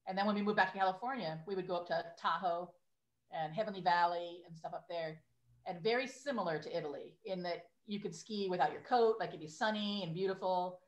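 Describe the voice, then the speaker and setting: A woman's voice: lowish voice, brisk. A woman in her fifties, a podcast guest, reminiscing in a chatty way and saying "like" a lot. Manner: chatty and nostalgic, lots of "like". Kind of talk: casual chat. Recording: echoey room.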